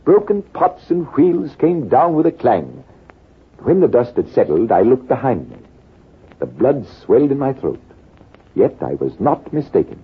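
An actor playing a composed British army major telling a war story in a measured, deliberate way, in 1940s radio acting. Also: male voice, medium pitch, big pitch swings, slightly rough, full character voice. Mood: calm. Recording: tinny, lo-fi old radio broadcast.

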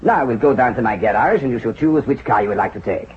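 A man voicing a flamboyant, smooth-talking financier who rolls his words out grandly, his pitch swooping up and down as he charms and coaxes. The dull old radio drama recording has a faint hiss. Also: fast, natural voice. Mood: persuasive. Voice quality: expansive, persuasive, lively intonation. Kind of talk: vintage radio drama acting.

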